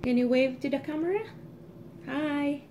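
A woman's voice: sits high, steady tone, moderate pace, noisy background. A woman filming a casual home vlog, talking sweetly to her children over breakfast. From Philippines. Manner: doting, sing-song talk to her kids.

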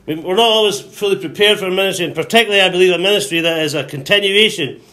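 A man preaching with a high, bright, ringing voice. He leads call-and-response with the congregation and peppers his lines with hallelujahs. Now and then he acts out voices with sudden high shouts. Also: very fast. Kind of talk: sermon.

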